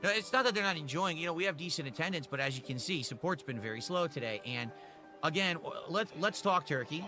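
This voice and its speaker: A man's voice: fairly high pitch, animated, fast talker, over music. A man streaming and talking candidly and matter-of-factly to his audience. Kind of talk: casual stream talk to the audience.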